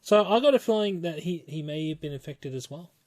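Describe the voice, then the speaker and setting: Man, podcast co-host, casual film chat, higher voice, animated, stumbling restarts. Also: brisk.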